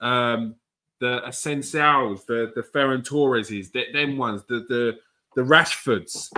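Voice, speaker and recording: A man hosting a casual football podcast, talking in a relaxed, thoughtful way and laughing easily. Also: mid-range voice, slow pace. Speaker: podcast host.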